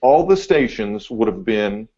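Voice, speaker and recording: A laid-back man, a TV meteorologist, telling a story on a podcast, getting animated as he goes. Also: fairly low pitch, a little slow. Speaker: TV meteorologist guest. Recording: dull lo-fi audio.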